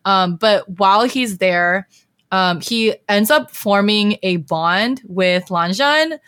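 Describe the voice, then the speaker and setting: A young woman chatting through a story recap, full of "like" and quick restarts. Her voice sits in an ordinary middle register. It is recorded dry and close, with no room sound around it. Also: medium pitch, animated, fairly bright tone, smooth, no echo. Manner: chatty, heavy use of filler "like". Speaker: podcast host.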